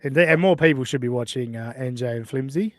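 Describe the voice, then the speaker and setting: A man's voice: medium pitch, quick pace, no echo, studio quality. A man hosting a podcast in casual banter, blunt and profane, laughing between jabs. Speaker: podcast host.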